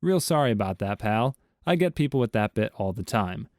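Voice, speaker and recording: A man's voice: on the low side, animated, fairly quick, darkish tone, no room sound, studio quality. A man reading as a cocky bar hustler. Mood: persuasive. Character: cocky male barroom hustler.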